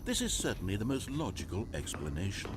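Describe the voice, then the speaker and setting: A man's voice: lowish voice, wildly swooping pitch, a little fast, heavy background noise. A man playing a wry, all-knowing storyteller narrator in a video game, with a dry, mock-dramatic delivery. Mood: narrating. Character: wry omniscient adult male storyteller narrator.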